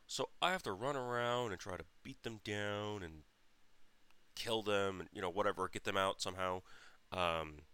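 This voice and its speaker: A man's voice: fairly low pitch, normal speed, bright, forceful tone, clean tone, dry recording. A man hosting a podcast, telling a funny story in a casual, blunt and exasperated way. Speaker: podcast host.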